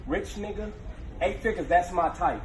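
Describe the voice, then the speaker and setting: A man's voice: high-pitched, normal speed, slight background noise. A man pranking a stranger in a large store, taunting him in slangy banter. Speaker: street prankster. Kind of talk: prank video clip. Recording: echoey store from far off.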